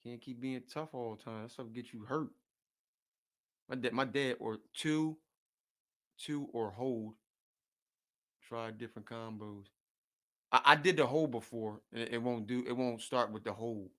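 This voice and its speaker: A man chats casually in loose slang, with a voice of ordinary pitch. He repeats his words and jumps from one topic to another. He often chuckles between his sentences. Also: steady tone, a little slow, long pauses, a bit bright. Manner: often chuckles while talking. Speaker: streamer chatting with viewers. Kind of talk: casual chat.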